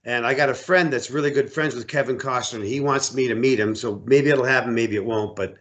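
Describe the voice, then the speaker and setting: A middle-aged American man, an outfitter and hunting guide, telling stories in a casual interview, animated and repeating words as he acts out voices. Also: mid-range voice, fairly quick, highs cut off.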